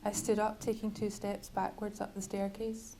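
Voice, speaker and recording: Woman author, measured bookshop reading, level even delivery. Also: mid-range voice, creaky, noisy background. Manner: measured, literary reading with wry asides. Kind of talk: reading from her novel.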